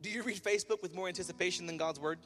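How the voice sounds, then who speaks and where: A young man preaching a sermon as pastor in a church, swinging between loud emphatic rises and quiet asides. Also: high-pitched, racing. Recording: church hall reverb, faint music.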